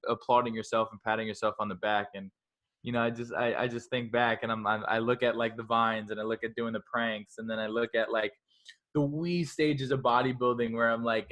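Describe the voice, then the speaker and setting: A man in his twenties, a podcast guest, talking in a rambling, energetic way full of "like" and quick self-talk. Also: mid-range voice. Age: 20s. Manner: energetic, rambling, heavy use of "like"; self-talk in a scolding inner voice. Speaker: interview guest. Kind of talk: casual podcast conversation.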